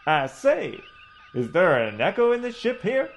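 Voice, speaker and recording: A man's voice: sits high, huge pitch swings, a little slow, voice pushed up, heavily acted. A man voicing a pompous old male ship's doctor, talking in florid, preachy oratory in a comedy audio parody.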